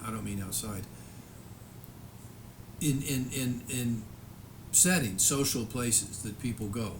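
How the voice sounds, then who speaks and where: A man's voice: on the low side, noisy background. A man in his fifties or older telling a personal story off the cuff, profane and heated, stumbling over frequent stammered restarts. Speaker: storyteller recounting his own past. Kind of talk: unscripted personal storytelling monologue.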